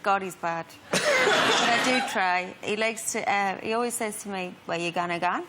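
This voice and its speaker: A chatty woman with a Geordie accent, giggling through her stories as a talk-show guest. Her voice sits at a middling pitch, with clear noise in the studio recording. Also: big pitch swings, unhurried. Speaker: singer guest.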